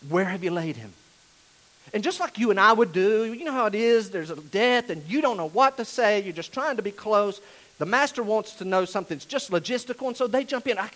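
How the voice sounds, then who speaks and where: A pastor delivers a sermon in a high, light voice. He keeps it conversational, sinking into hushed stretches before building back up to emphatic points. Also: poor audio.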